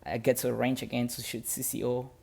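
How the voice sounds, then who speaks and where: Man, low gravelly voice, flat monotone delivery, earnest motivational podcast storytelling. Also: a little fast. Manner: earnest, plain-spoken, non-native grammar.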